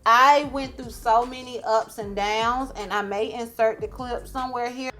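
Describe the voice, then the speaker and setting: A woman's voice: on the high side, fairly even intonation, normal speed, a bit bright, faint music behind. A woman, a beauty vlogger telling a storytime, chatty, laughing often and acting out what others said. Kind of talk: storytime vlog.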